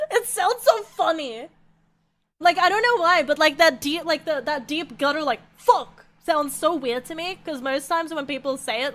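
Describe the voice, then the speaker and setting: A woman's voice: high-pitched, bright, forceful tone. An Australian woman streaming a game, chatting casually, swearing freely and laughing often.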